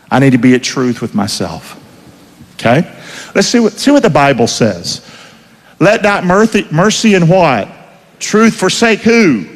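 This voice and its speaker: Man, emphatic preacher, call-and-response, animated pitch, reverberant hall. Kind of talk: sermon.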